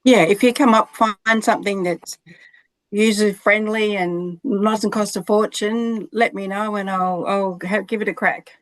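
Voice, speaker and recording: Woman attendee, mid pitch, hesitant and friendly, dry close sound. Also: steady tone, a little slow, no echo. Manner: hesitant, friendly, laughs easily. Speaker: webinar attendee. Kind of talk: casual video-call chat. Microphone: video call.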